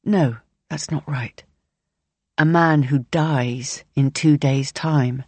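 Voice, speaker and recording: A woman reading a novel aloud in measured, present-tense audiobook narration. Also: deep voice, steady tone, darkish tone, breathy edge, dry recording.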